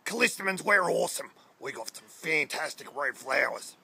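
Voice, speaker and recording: A man's voice: fairly high pitch, expressive, moderate pace, creaky, pushed and bright, breathy edge, no room sound, heavily acted. A man voicing a boastful, ticked-off bottlebrush shrub with an Australian accent. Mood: indignant. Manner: indignant, boastful.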